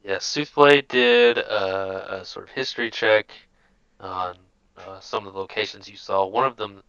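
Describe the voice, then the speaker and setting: A man's voice: lowish voice, steady tone, unhurried, gravelly, fairly bright tone, clean tone, dry recording, highs cut off. A man running a tabletop game as game master, easygoing and steering the players along.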